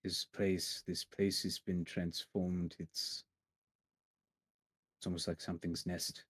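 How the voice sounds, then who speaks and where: A man's voice: deep voice, little pitch movement, slow, husky, no echo. A man playing a tabletop game, hesitant and thinking aloud with many restarts. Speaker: player. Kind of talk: casual tabletop play.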